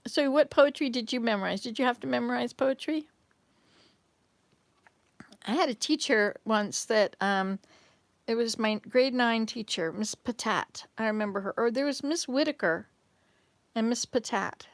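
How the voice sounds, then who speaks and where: An older woman chats her way through a live stream, drifting from one memory to the next and stopping to answer viewers. Her voice sits a little high, and it sounds close and dry, with no room around it. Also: moderate pace, pauses often, no echo. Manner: chatty, rambling, answers viewers' comments. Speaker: livestream host reading chat. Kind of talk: casual live chat. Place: home, in Canada.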